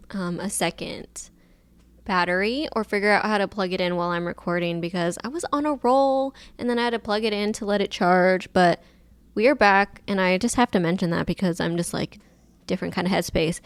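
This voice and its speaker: A woman's voice: medium pitch, moderate pace, clear, resonant tone, no echo. A young woman in her twenties hosting a casual solo podcast, telling a personal story in a chatty, emotional way with lots of fillers, recorded on a camera mic. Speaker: podcast host.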